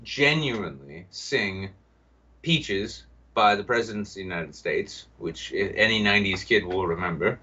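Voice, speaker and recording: A man's voice: low voice, expressive, sharp tone, slightly rough. A man co-hosting a live-streamed podcast, teasing his guests in casual banter and slipping into silly voices for quoted bits. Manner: joking, teasing, quick voice switches for quoted bits. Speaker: co-host. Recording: dull lo-fi sound, a bit distant from the mic.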